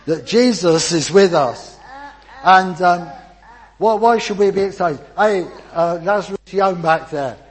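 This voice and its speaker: An older man, a grandfather, leading a lively children's talk in church and drawing the congregation in. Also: sits high, measured pace, poor audio. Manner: chatty and encouraging, with frequent restarts. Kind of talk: informal church talk with audience participation.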